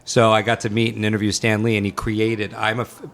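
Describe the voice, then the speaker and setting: Give me a man, a director, chatting casually on set and telling lively anecdotes. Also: on the low side. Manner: animated storyteller, quick to laugh. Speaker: film director, guest. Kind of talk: casual interview chat. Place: on a film set.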